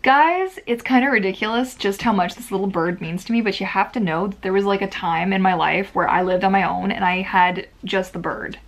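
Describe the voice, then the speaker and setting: Woman home vlogger, mid pitch, chatty and rambling, talking to camera indoors. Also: a little fast, few pauses, a little hiss or hum. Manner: chatty and rambling, heavy on filler words. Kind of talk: casual vlog chat to camera. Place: home filming corner, indoors.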